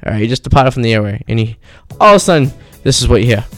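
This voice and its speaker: A man's voice: medium pitch, lively intonation, rapid-fire, a bit bright, faint music behind. A man hosting a comedy show, rambling through a monologue and talking straight to his listeners. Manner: rambling, loses his train of thought, addresses listeners. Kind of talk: stand-up style monologue.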